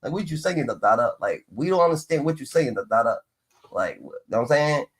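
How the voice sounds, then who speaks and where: A man's voice: medium pitch, sing-song, fairly quick. A man streaming a profane, mocking rant in reaction to clips, padding his lines with repeated filler chants. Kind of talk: ranting reaction commentary.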